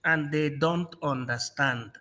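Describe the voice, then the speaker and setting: A man's voice: a little high, slow, sharp tone. A man from Nigeria in a political discussion, mocking and repeating phrases, laughing often. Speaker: panel guest.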